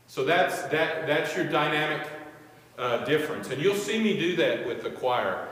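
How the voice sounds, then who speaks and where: A man's voice: on the high side, lively intonation, moderate pace, a bit bright, a little hiss or hum. A male music instructor giving a classroom lecture on conducting, counting beats aloud as he demonstrates. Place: large echoey room. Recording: echoey hall, voice from a distance.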